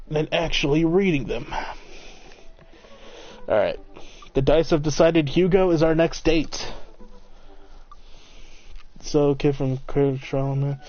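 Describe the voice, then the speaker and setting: A man's voice: medium pitch, darkish tone. Brief: male streamer, self-mocking casual commentary, muffled home mic. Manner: rambling, swearing, self-mocking. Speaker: game streamer. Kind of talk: casual let's-play commentary. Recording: dull lo-fi mic.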